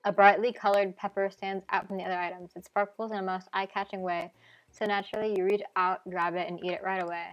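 A woman's voice: medium pitch, flat delivery, fast talker, muffled recording. A woman streamer reading a video game aloud on a live stream, with wry, playful asides.

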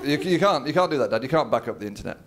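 A man's voice: mid-range voice, animated, very fast, very noisy. Man telling a stand-up story. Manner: storytelling, acts out his dad's lines. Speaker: stand-up comedian. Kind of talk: stand-up routine. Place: comedy venue with a live audience.

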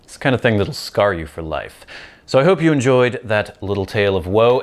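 A man's voice: mid-range voice, big pitch swings, normal speed, slight background noise. A man from the Pacific Northwest hosting his show, chatting casually and self-deprecatingly while smoking a pipe. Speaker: host.

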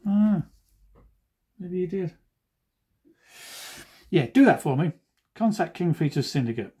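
A man talks through his drawing in a relaxed, chatty way, often making fun of himself. His voice is mellow and a little husky, and his pitch rises and falls in a lively way as he jokes. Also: slow pace. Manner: joking, self-deprecating asides. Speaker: cartoonist.

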